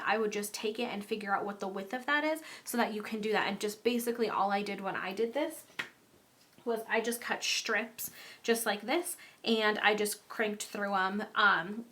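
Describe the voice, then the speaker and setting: Bright, chatty woman teaching crafts. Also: medium pitch. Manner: chatty, upbeat, many ums. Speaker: card-making instructor. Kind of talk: casual craft tutorial.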